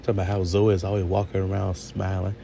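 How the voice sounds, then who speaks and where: A man's voice: sits low, fast, gravelly, poor audio. A man giving a casual, rambling TV review, talking straight to his viewers. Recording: steady background noise.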